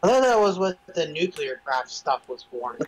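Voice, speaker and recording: A man's voice: fairly high pitch, very animated, normal speed, a loud crowd, rough recording. A man hosting a game video, chatting and teasing his co-player casually. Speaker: let's play host. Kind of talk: casual gaming chat.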